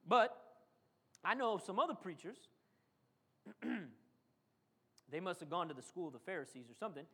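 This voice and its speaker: High-voiced preacher repeating lines for emphasis. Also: male voice, a bit bright. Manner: dramatic, repeats phrases for emphasis, acts out voices of the people he quotes. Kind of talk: sermon.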